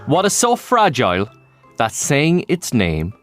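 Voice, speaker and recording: A man presenting a breakfast radio show in a chatty, animated way. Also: medium pitch, unhurried, music in the background. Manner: chatty, animated, asides and fillers.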